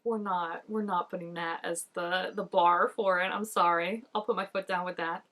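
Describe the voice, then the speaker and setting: Chatty, expressive young woman vlogger. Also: on the low side, moderate pace. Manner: chatty and expressive, lots of fillers and laughs; mock-dramatic exclamations at the screen. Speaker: TV reaction vlogger. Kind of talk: casual reaction commentary.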